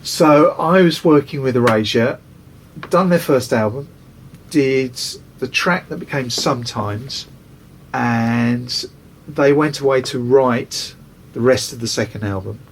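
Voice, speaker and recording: A man's voice: medium pitch, slow, a little hiss or hum. A man, a record producer, casually telling anecdotes in an interview and acting out other people's voices.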